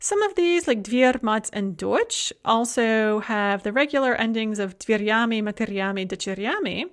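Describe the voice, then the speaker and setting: Woman, teacher, somewhat high voice, recorded lecture, reads example words one by one. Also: lively intonation, moderate pace. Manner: explains rules, then reads examples word by word. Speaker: language teacher.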